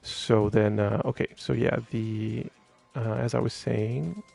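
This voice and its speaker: A man talks loosely through a live stream in a gravelly, mid-pitched voice, stumbling over restarts and fillers as he goes. Faint music plays under his chatter. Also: steady tone, slow, mellow. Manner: rambling, laughs often, many fillers and restarts. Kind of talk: casual live-stream chat.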